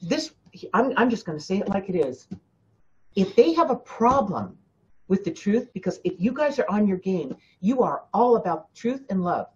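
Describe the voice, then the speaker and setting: A woman's voice: mid-range voice, big pitch swings, normal speed, dull audio. A woman hosting a spiritual coaching talk, speaking emphatically to her listeners, often repeating herself and addressing them directly. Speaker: spiritual teacher and host.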